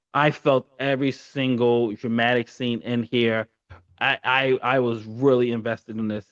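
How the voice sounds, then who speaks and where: A man's voice: mid-range voice, dry recording, lo-fi sound. A man hosting his own anime review channel, talking in a casual, earnest way and often tripping over his words, a little choked up. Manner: earnest, stumbling, repeating words.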